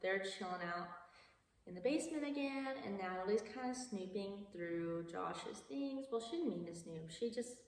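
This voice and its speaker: Young woman, chatty movie recap, lots of asides, booming hall echo, mic far away. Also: animated, normal speed. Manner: chatty, many "like"s and asides, laughs often. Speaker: video creator. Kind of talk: casual movie plot recap.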